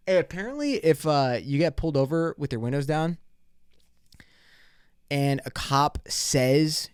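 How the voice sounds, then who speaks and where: A man's voice: a little high, very animated, normal speed, smooth, no echo, clean studio sound. A young man hosting his own podcast, talking in a loose, profane, rambling way full of bro slang, acting out little scenes with cops. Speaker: podcast host. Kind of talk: casual solo podcast rant.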